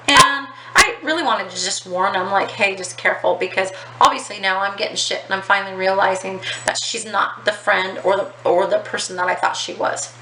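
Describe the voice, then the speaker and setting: A woman with a bright, forceful voice tells a rambling personal story in casual vlog style. She swears freely and fills her talk with ums and likes. The recording is echoey, with faint outdoor noise behind her. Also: medium pitch. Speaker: vlogger.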